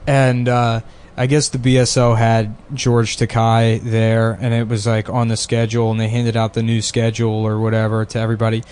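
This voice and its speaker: A young man co-hosting a casual podcast, his voice sitting in an ordinary middle pitch. He rambles through crude anecdotes, piling up "like" and false starts as he hunts for names. He speaks on a studio mic. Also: monotone, moderate pace, a little mellow, smooth. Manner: rambling, profane storytelling with many fillers. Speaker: podcast co-host. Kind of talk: casual chat. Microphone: studio microphone.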